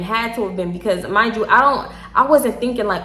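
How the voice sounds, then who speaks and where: Houston girl kinda drunk telling a story, laughing and cussing, voice a bit high, roomy echo. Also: normal speed, few pauses. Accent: Southern US, Houston. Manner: animated, laughs often, swears freely, acts out quotes. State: tipsy. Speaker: storytime vlogger. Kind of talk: casual storytelling. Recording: echoey room.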